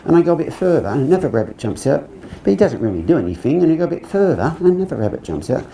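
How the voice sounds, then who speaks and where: A frustrated Englishwoman with a cockney accent, rambling breathlessly about her horse, as a male clinician puts her on. Her voice sits well above his usual pitch but keeps its mellow, warm tone. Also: sing-song, racing, gravelly, a little hiss or hum. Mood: exasperated.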